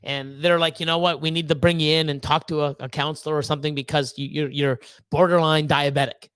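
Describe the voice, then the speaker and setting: A man hosts a casual livestream from home and answers chat. His voice sits high for a man and the recording is dry and close. He rambles with plenty of fillers and false starts and swears freely. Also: flat delivery, fairly quick, a bit bright, clean tone, no room sound. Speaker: livestream host.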